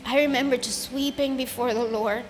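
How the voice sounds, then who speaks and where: A woman's voice: a little high, steady tone, moderate pace, a little hiss or hum. A woman giving an earnest, emotional personal testimony in a church sanctuary, building into fervent preaching. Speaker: testimony speaker at a church service. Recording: long hall reverb with soft music behind.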